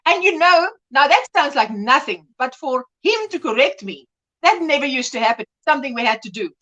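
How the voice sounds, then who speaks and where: A woman's voice: sits high, animated, fairly quick, fairly bright tone, rough recording. A middle-aged woman hosting a casual livestream, chatting and reading viewer comments aloud with lots of rambling restarts. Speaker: livestream host. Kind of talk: casual chat.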